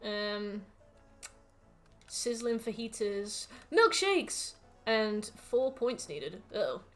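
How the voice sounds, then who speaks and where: English woman streamer, very animated delivery, faint game music behind, casual and profane. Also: medium pitch, extremely slow. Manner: swearing, reads out ingredients, jokey rants. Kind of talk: casual gameplay commentary.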